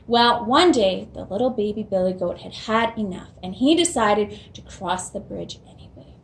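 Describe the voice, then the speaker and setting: A woman hosting a children's program, reading a fairy tale aloud in a gentle storytelling manner. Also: medium pitch, animated, moderate pace, hardly any pauses, a little hiss or hum.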